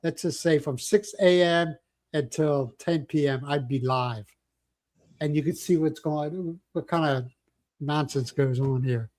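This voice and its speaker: A man's voice: a little high, a little slow, darkish tone. An older man hosting a casual livestream chat, telling rambling stories and joking with viewers. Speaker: livestream host.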